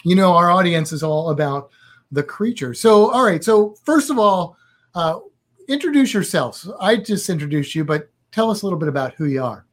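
A man's voice: high voice, animated, normal speed. A man co-hosting a live podcast in a chatty, joking, upbeat way. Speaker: podcast co-host. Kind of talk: casual live podcast chat.

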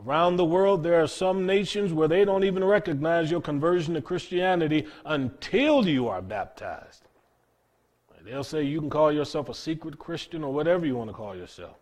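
A man preaching a sermon in an earnest, emphatic way, with dramatic pauses and repeated words. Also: on the high side, animated, a little mellow.

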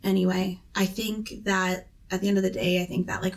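Young woman, halting rambling storyteller. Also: medium pitch, flat delivery. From Canada. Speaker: podcast co-host. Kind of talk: casual chat.

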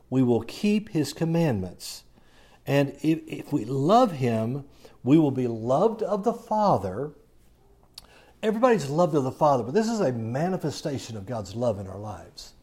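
A man delivers a sermon in a dark, mellow voice at an ordinary middle pitch. He preaches in a conversational way, slipping in humor and reading Bible verses aloud to his congregation. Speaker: pastor.

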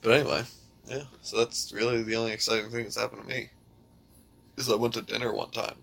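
A man's voice: mid-range voice, little pitch movement, fast talker, vocal fry, fairly bright tone. A man in casual chat telling jokes animatedly, with swearing and laughter.

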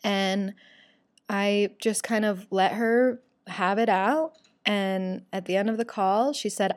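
A young woman hosting a talk show, chatty and animated, retelling a story with quoted voices in casual storytelling. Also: medium pitch, slow, dry recording, clean studio sound.

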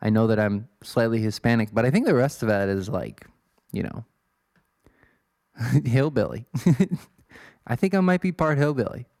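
A man's voice: medium pitch, animated, moderate pace, vocal fry, long pauses, a little mellow, dry recording, studio quality. A man in his twenties from Illinois, rambling through a casual, self-deprecating monologue as a podcast host. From Illinois, USA. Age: 20s. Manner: self-deprecating, swears, wanders off topic.

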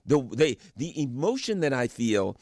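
A man's voice: mid-range voice, big pitch swings, moderate pace, a little mellow, no echo, clean studio sound. A middle-aged man giving fiery, angry political commentary, full of rhetorical questions and mocking quoted voices. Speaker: radio guest commentator.

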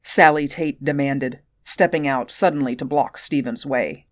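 Low-voiced woman reading a story. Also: measured pace, no echo, studio quality. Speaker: narrator. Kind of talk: audiobook narration.

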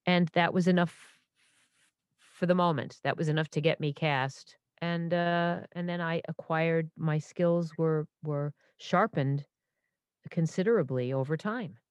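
Low-voiced woman telling stage stories. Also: unhurried, clear, resonant tone, no echo. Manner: animated, self-interrupting, full of restarts and asides. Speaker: stage performer and impressionist. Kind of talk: casual interview storytelling.

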